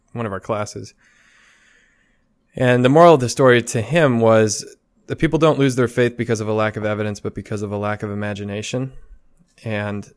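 A young man co-hosting a casual podcast chat, talking in a thoughtful, rambling way with many restarts. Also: mid-range voice. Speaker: podcast co-host.

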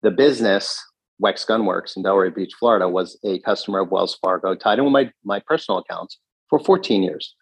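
Earnest low-voiced man recounting. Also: a little fast, breathy edge, poor audio. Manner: earnest, recounts events with restarts and quoted dialogue. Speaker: gun shop owner, guest. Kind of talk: interview, telling his story.

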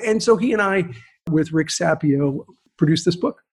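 A middle-aged man as a guest author in a podcast interview, telling stories in an animated way with quick restarts. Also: fairly high pitch, slightly rough.

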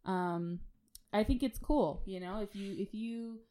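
Laid-back young woman, mid-pitched. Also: a little slow, dark tone. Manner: laid-back, hesitant with fillers and restarts. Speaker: podcast co-host. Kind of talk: casual chat.

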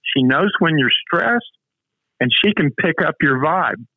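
A man's voice: a little high, lively intonation, a little slow, dry recording. A man coaching with emphatic rhetorical questions as a guest on a talk show. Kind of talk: motivational interview talk. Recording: tinny phone-like remote line.

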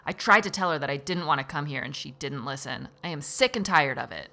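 A woman's voice: low-pitched, lively intonation, brisk, sharp tone, exaggerated voice. A woman voicing a volatile, angry young woman who is a psychiatric patient in an educational role-play. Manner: hostile, then clingy and pleading.

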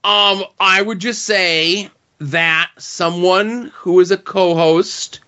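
Man, co-host, thoughtful and drawn-out, casual chat, slightly high voice, muffled sound. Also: steady tone, pushed and bright, smooth. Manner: thoughtful, builds points at length. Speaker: podcast co-host. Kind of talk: casual comic book discussion. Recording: dull lo-fi podcast audio.

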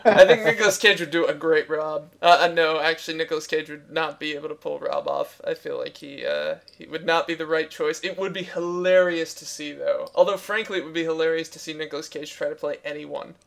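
A man's voice: on the high side, brisk, creaky, hardly any pauses, a bit bright. A man hosting a podcast, joking wryly with his co-hosts and leading the segments. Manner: joking, wry, leads segments. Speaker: podcast host. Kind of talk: casual podcast banter.

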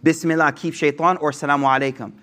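A man delivers a relaxed sermon. He tells old stories in modern slang and acts out the quotes as he goes. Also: on the high side, fast talker. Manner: slangy, animated retelling with acted quotes. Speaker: Islamic preacher. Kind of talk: casual sermon with storytelling.

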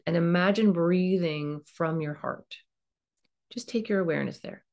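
Gentle woman coaching self-talk. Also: lowish voice, normal speed. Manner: gentle, coaching, acts out inner voices. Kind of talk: guided self-help talk.

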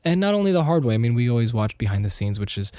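A man's voice: medium pitch, sing-song, racing, mellow, no echo, clean studio sound. Rambling young man, slightly nasal. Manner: rambling, self-deprecating, many restarts. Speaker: podcast host. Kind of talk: casual solo podcast chat.

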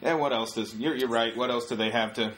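A man's voice: medium pitch, fairly even intonation, fairly quick, fairly bright tone, a little hiss or hum. A middle-aged man, a stand-up comedian and podcast co-host, talking in loose, rambling casual chat, full of filler words.

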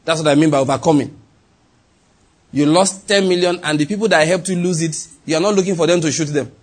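A man delivers a sermon in a high, husky voice. He is animated, acts out the voices in the quotes he tells, and swings between loud bursts and hushed asides. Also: fast talker. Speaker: preacher.

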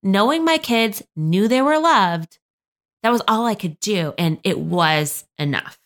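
A woman's voice: medium pitch, animated, measured pace. A woman in her thirties co-hosting a podcast about motherhood in a casual chat, gushing and laughing often. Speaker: podcast co-host.

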